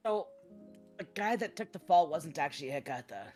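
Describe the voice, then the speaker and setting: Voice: medium pitch, expressive, a little fast, a little mellow, faint music behind. A tabletop role-playing player who speaks bluntly in character, swears heavily, and stalls on fillers while explaining. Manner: blunt, profane, hesitant with fillers.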